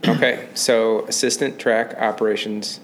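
A man's voice: on the low side, fairly even intonation, a little hiss or hum. Easygoing male podcast host. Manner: chatty, easygoing, interrupts with quick questions. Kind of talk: casual interview chat. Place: tower room at a country club, indoors.

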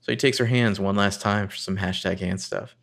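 Guy recapping a show on a podcast, lowish voice, chatty, acts out the lines. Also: fairly quick, creaky. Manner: narrates scenes and reads dialogue with animated rises. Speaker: podcast co-host recapping a TV episode. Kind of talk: casual chat.

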